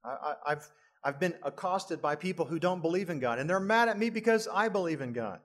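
A man's voice: fairly high pitch, expressive, fairly quick, fairly bright tone. A middle-aged male pastor preaching a sermon, lifting his voice for emphasis and adding chuckling asides.

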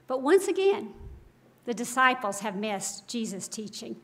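A woman's voice: fairly high pitch, very animated, a little slow, fairly bright tone. A woman giving a devotional Bible teaching, earnest and emphatic, full of rhetorical questions.

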